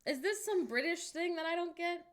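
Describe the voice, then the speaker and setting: A woman streaming, chatting casually and reacting wryly out loud to what she finds while browsing online. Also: extremely high pitch, moderate pace.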